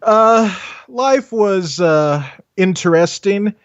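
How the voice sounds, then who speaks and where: Brief: man from Southern California, slightly high voice, stammery and self-mocking, dull dry mic. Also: animated, extremely slow, clear, resonant tone, no room sound. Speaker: interview guest, animator and voice actor. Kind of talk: casual interview chat.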